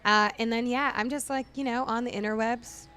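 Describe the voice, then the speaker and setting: A woman's voice: on the high side, steady tone, fairly quick, pushed and bright. A Canadian woman from Ontario, a podcast guest chatting casually and rambling off on tangents into a studio mic. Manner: bubbly, rambling, goes off on tangents. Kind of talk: casual chat. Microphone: studio microphone with headphones.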